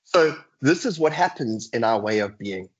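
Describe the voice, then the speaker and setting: A man lecturing over a video call, his voice husky and a little breathy. The audio is dull and lo-fi. He talks earnestly and drops into sighing, weary inner voices to make his points. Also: medium pitch, lively intonation, moderate pace. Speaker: guest lecturer. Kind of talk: webinar lecture.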